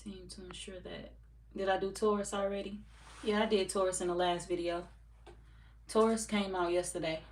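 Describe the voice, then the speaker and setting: A laid-back tarot reader streams live, reading out chat comments in a casual way. Her voice is mid-range, she swears freely and she laughs often. The far-off mic adds a roomy echo, with faint background noise.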